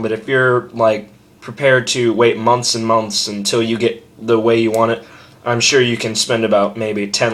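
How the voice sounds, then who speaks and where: Rambling young man teaching screaming. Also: lowish voice. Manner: rambling, self-deprecating, with loud demo screams. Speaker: screaming vocal tutor. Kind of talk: casual vlog tutorial.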